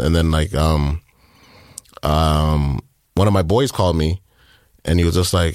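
Halting low-voiced man telling a story. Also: steady tone, a little mellow, no room sound, clean studio sound. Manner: halting, full of fillers and repeated phrases. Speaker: guest. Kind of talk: casual storytelling in an interview.

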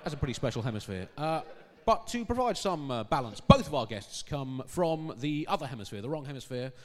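A male podcast host whose pitch swings widely as he stumbles through dry jokes, full of fillers. His voice rings in a room with a long reverb. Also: sing-song, a little fast. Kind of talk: comic news podcast hosting.

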